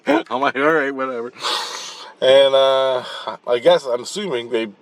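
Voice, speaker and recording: In casual, rambling storytelling, a blunt, profane channel host recounts his spirit-world dreams, with frequent restarts and repeated words, animatedly acting out the action. His voice is medium-pitched and his pace measured, with no room sound.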